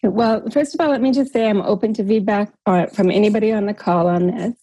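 In call audio that's dry, close, and free of room sound, a woman workshop leader guides a group call in a casual coaching style. She speaks a little fast in a breathy, warm, mid-range voice, staying encouraging and tagging her points with a questioning "right?".

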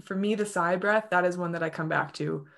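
Gushing lower-voiced woman. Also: fairly quick, gravelly. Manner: gushing, animated storytelling. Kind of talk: casual chat about breathwork.

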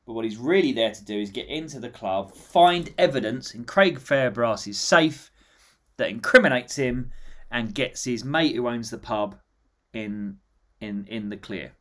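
A man's voice: medium pitch, expressive, unhurried. An English man hosting a casual comedy podcast, telling a rambling, jokey story with lots of fillers. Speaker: podcast host.

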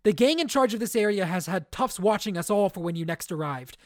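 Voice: mid-range voice, lively intonation, brisk, no echo, clean studio sound, natural voice. A reader voicing a curt, bitter mother. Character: blunt weary adult woman, a mother.

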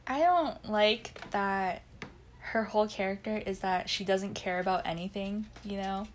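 A woman's voice: mid-range voice, measured pace, slight background noise. A young woman co-hosting a podcast in casual chat. She talks about a show, laughs often and acts out the characters' lines. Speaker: podcast co-host.

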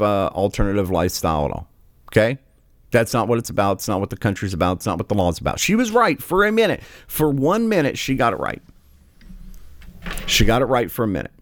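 A man's voice: fairly low pitch, dry recording. A man hosting a political commentary show, ranting in a sarcastic, scornful way with many fillers.

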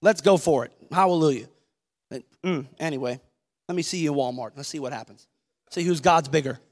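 A man's voice: fairly high pitch, a little fast, big-room sound. A man in his thirties, a pastor, preaching a conversational sermon, quoting scripture and asking the congregation questions. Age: 30s. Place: church sanctuary.

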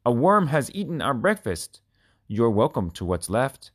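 A man's voice: medium pitch, very animated, a little slow, husky, voice pushed up. A man voicing a disappointed male jay bird in a children's story, speaking in a raised, complaining voice. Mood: grumbling.

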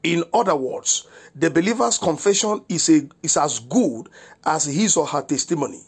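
A man's voice: fairly high pitch, animated, moderate pace, husky. A man, a pastor delivering a devotional sermon with declared prayers and repeated rhetorical questions. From Nigeria.

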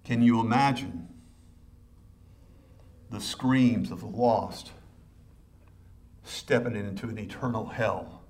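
A pastor delivering a sermon, addressing the congregation directly with urgent rhetorical questions and building to loud, fervent passages. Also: male voice, lowish voice, slow pace, pauses often. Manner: impassioned preaching that swells loud and urgent.

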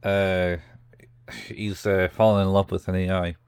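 A man's voice: low-pitched, little pitch movement, unhurried, a little mellow, smooth, no room sound, clean studio sound. A man casually recapping anime episodes as a podcast co-host, rambling and acting out the characters' lines.

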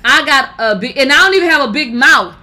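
Brash loud-mouthed young woman. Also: high-pitched, lively intonation, a little fast. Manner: loud, brash and profane, talking to viewers. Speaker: commentary vlogger. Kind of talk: casual gossip commentary.

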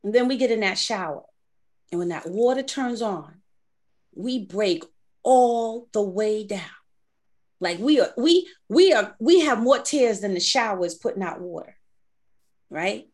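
A woman's voice: mid-range voice, unhurried. A woman from the Bronx co-hosting a faith podcast, talking animatedly and acting out conversations with God. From the Bronx, New York. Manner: animated, acts out inner dialogues with God. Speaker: podcast co-host. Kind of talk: faith-based casual podcast chat.

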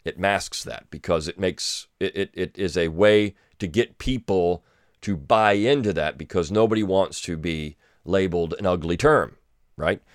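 A man's voice: deep voice, a little slow, dry recording, studio quality. A man hosting a podcast, reading a passage aloud and then commenting on it reflectively, with restarts and asides. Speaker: podcast host.

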